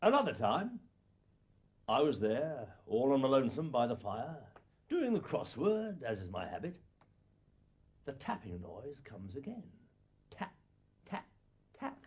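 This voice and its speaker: A man's voice: medium pitch, huge pitch swings, slightly rough, exaggerated voice. A wry old farmhouse father. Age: older. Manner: slow storytelling with playful sound imitations. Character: elderly father in a lonely farmhouse, shrewd and wry. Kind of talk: acted monologue recollection.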